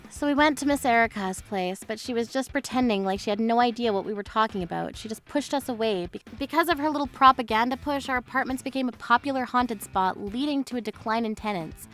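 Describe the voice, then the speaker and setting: A woman narrating a dubbed story in first person as its main character, expressive as she moves between narration and acted scenes. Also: fairly high pitch, fast, hardly any pauses, faint music behind.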